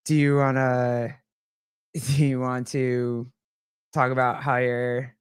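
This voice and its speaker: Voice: mid-range voice, little pitch movement, takes it slowly, smooth, no echo, studio quality. An adult co-hosting a casual live call-in stream, talking bluntly and swearing casually between bursts of giggles. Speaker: co-host.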